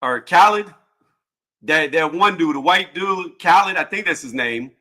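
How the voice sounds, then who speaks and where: A man hosting a casual boxing livestream panel, joking loudly and cursing, with frequent laughs and trash talk. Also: a little high, lively intonation, unhurried.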